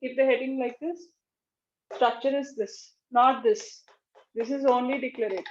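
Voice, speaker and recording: A high-pitched woman teaches grammar to a class, repeating key terms and acting out sample sentences. Her voice rings in an echoey room on a dull, muffled recording. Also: fairly even intonation, normal speed, darkish tone, slight background noise. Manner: explanatory, repeats key words, acts out example sentences. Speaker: English teacher.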